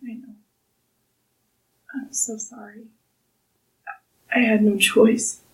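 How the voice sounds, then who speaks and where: A woman's voice: on the high side, flat delivery, slow pace, husky, exaggerated voice, low-quality recording. A woman playing a remorseful orc father. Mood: apologetic. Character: emotional middle-aged orc father, remorseful.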